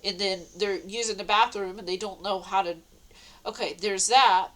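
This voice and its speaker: A woman's voice: mid-range voice, fairly even intonation, moderate pace, fairly bright tone, rough recording. A woman telling a personal story in a casual, rambling way, with many restarts and laughs.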